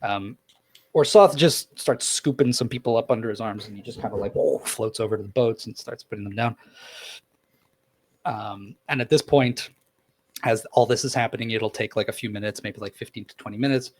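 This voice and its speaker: A man's voice: fairly low pitch, moderate pace, no echo. A young man narrating as dungeon master in a tabletop game, describing scenes loosely with many fillers.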